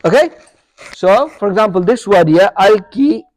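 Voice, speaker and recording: A man's voice: high-pitched, lively intonation, moderate pace. A man teaching an Arabic grammar lesson to a live class, quizzing students and checking in with "okay?" and "yeah?" as he goes. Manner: corrects his own slips aloud.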